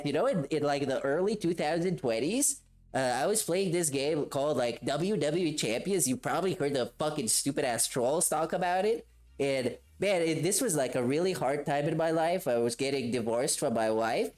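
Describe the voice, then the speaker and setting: A man's voice: a little high, a little mellow, voice pushed down. A man putting on a mocking impression of a sheepish male gamer who rambles through excuses with lots of fillers. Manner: whiny, rambling, full of fillers.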